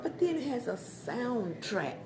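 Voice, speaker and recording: A woman chatting casually as she pitches her Spanish dictionary, repeating words and laughing at her own jokes. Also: big pitch swings, measured pace. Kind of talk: casual sales chat with jokes. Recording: crowd noise behind.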